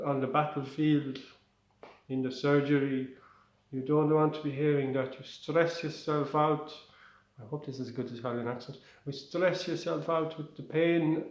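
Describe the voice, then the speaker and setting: Brief: bombastic Roman surgery professor, put on by a man in a jokey Italian accent, scolding loudly, roomy sound. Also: mid-range voice, close to an everyday voice.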